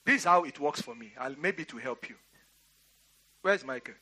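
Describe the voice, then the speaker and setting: A man's voice: mid-range voice, lively intonation, moderate pace, pushed and bright, husky. A middle-aged Nigerian man preaching a sermon, giving emphatic commands and laughing through a storytelling aside. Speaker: pastor. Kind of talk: sermon with personal anecdote.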